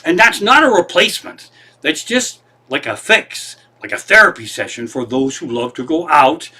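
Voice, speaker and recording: A man's voice: a little high, lively intonation, moderate pace, pushed and bright, slightly rough. A man doing a comedic monologue from his living room, with a meandering, profane, self-deprecating manner. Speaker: comedian host.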